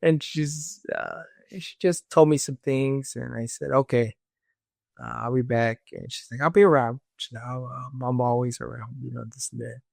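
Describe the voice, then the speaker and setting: A man's voice: medium pitch, steady tone, normal speed, vocal fry, dry recording, studio quality. A man telling a personal story in casual conversation, acting out the voices of others with fillers like "this and that". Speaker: guest.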